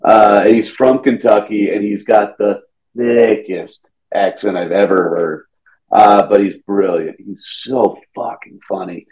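A man's voice: lowish voice, steady tone, measured pace, darkish tone. A young man from Georgia, a comedian, chatting loosely on a podcast and saying "dude" a lot. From Atlanta, Georgia. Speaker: comedian guest. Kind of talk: casual podcast chat. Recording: dull lo-fi sound.

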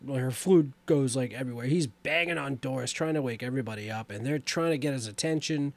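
A man's voice: mid-range voice, fairly quick, creaky, no room sound. A man casually retelling a horror movie's plot in a loose, rambling way with lots of fillers. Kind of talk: casual movie recap chat.

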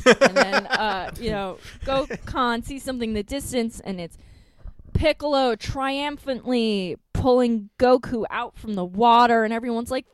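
A woman's voice: a little high, a little slow, clear, resonant tone, no room sound. A woman retelling a cartoon episode in casual comedic chat, acting out lines with silly voices. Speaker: podcast co-host recapping an anime.

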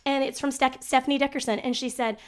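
Chatty woman telling a story. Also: high-pitched. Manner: chatty storyteller, animated, quick to act out quotes. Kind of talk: casual chat.

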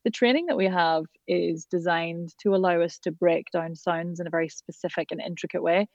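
A woman's voice: lowish voice, fairly even intonation, darkish tone, dry recording, highs cut off. An Irish woman working as a voice and accent coach, chatting enthusiastically in an interview. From Ireland. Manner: chatty, enthusiastic, quick asides. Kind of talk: casual interview chat.

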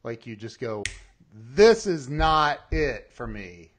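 A man's voice: medium pitch, big pitch swings, slow. Man, podcast host, encouraging, laughs easily, mid-range voice. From Ohio. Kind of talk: casual interview chat.

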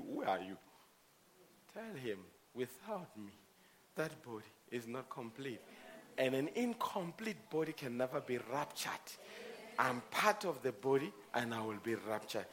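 A man preaching a sermon, telling stories, with swings between quiet earnestness and impassioned shouting. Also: medium pitch, slight background noise.

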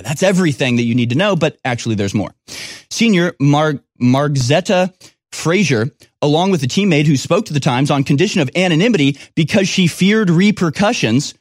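A man's voice: fairly high pitch, no room sound, clean studio sound. Scornful man ranting over news. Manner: scornful, mocking, sarcastic. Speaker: commentary show host. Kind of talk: reading news and ranting commentary.

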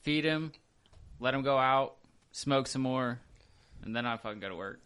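A man's voice: mid-range voice, normal speed, fairly bright tone, clear, resonant tone. A man in casual podcast chat, laying out his morning routine in a matter-of-fact, laid-back way.

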